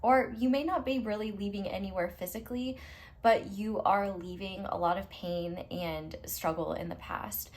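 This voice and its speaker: A woman's voice: mid-range voice, fairly even intonation, moderate pace. A woman tarot reader speaking straight to her viewers in a pick-a-card reading, reassuring and affirming.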